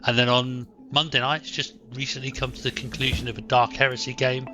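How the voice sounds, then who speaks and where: Speaking over music, this Irish man co-hosts a podcast in a mid-range voice with flat, fairly quick delivery. His casual chat is friendly and self-deprecating.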